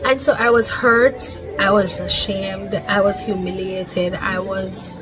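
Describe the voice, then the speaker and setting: A woman's voice: mid-range voice, steady tone, slow, rough recording. A Jamaican woman vlogger telling a personal story in an emphatic, heartfelt way, stacking lists and repeating herself for weight. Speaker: vlogger, mother. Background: background music.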